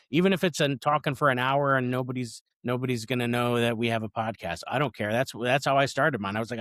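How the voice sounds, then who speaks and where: A man's voice: lowish voice, fairly bright tone, dry recording, studio quality. A man in his forties, a comedian guest in a casual interview, talking eagerly and rambling, often repeating words as he goes.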